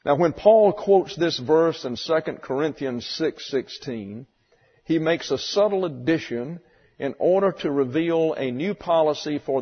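A man teaching a Bible lesson in sermon style, slow and methodical, spelling out Greek words letter by letter. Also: mid-range voice. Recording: dull lo-fi recording with long hall reverb.

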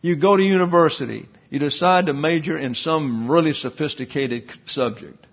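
A man's voice: a little high, normal speed, dull audio. A man preaching a Bible teaching sermon, explaining verses and tossing in asides and questions to the congregation. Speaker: pastor.

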